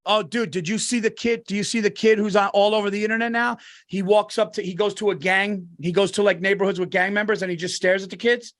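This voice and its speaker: A man co-hosting a podcast in casual chat, excitable and swearing, often restarting his sentences. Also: high-pitched, fast, few pauses. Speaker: podcast co-host.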